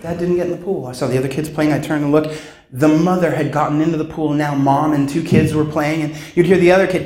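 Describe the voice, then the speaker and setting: Keynote speaker, male, slightly high voice, dramatic storyteller, echoey hall. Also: steady tone, darkish tone. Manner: dramatic storyteller, acts out sounds and voices, slows for emphasis. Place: conference hall.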